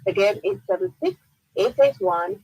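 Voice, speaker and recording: A woman's voice: mid-range voice, sing-song, normal speed, vocal fry, darkish tone, slightly rough, no room sound, poor audio. A woman with a Jamaican accent, a lawyer answering listener questions on a radio call-in show, explaining firmly and repeating key points. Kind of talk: radio call-in legal advice. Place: radio studio.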